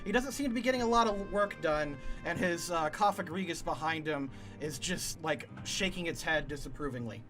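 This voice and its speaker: A man's voice: on the high side, normal speed, few pauses, music in the background. A man narrating as game master of a tabletop game, playful and laughing often.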